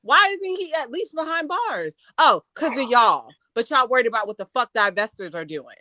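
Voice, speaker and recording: Angry ranting woman, slightly high. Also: lively intonation, normal speed, bright, forceful tone, dry recording. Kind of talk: angry commentary.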